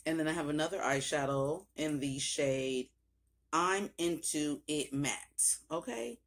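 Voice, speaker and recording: A young woman filming a casual makeup haul, talking straight to her viewers with loose slang and cursing, and breaking into sudden high exclamations. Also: steady tone, unhurried. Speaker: beauty vlogger.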